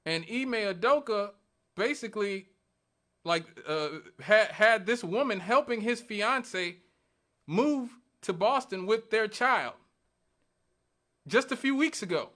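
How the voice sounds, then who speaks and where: A man's voice: high voice, expressive, slow, pushed and bright. A male radio talk show host giving an emphatic, argumentative monologue, repeating points for stress. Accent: Northwest Indiana.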